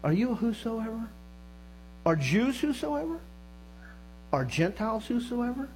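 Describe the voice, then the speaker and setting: A middle-aged man preaching a sermon as pastor, moving between loud emphasis and low hushed tones, with joking asides to the congregation. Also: sing-song, unhurried, slight background noise, low-quality recording. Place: church sanctuary.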